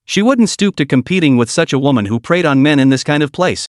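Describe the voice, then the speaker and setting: A man narrating a story recap in a steady, even scripted delivery. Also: on the high side, quick pace, no room sound, studio quality.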